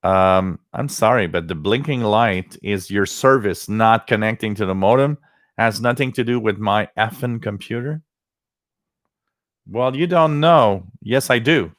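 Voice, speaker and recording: A man talks on his livestream in a loose, rambling way, drifting between stories and shout-outs to viewers. His voice sits on the low side. The sound is dry, with no room around it. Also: moderate pace, no room sound. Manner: rambling storytelling, greeting chat viewers by name. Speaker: livestream host. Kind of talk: casual chat.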